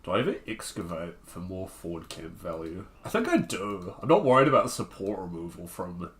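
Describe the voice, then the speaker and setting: Male streamer, lowish voice, relaxed think-aloud gameplay commentary, chats with viewers between moves. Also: normal speed. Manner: thinking aloud, answering chat between plays.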